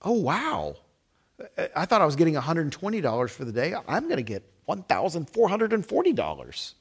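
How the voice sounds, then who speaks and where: A man voicing a gleeful day laborer who talks to himself excitedly about his pay. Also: on the high side, slightly rough, heavily acted. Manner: excited, quick, self-talking.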